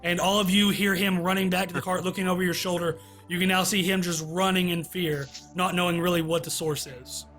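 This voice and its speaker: A man narrating as game master in a tabletop game, halting, with many fillers. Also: sits high, steady tone, fairly bright tone, soft background music.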